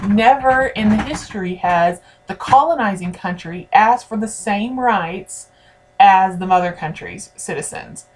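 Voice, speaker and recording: A woman's voice: medium pitch, measured pace, a little hiss or hum. Woman, history teacher, conversational lecture, mid-range voice, talks to her students. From United States. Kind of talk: recorded classroom lecture.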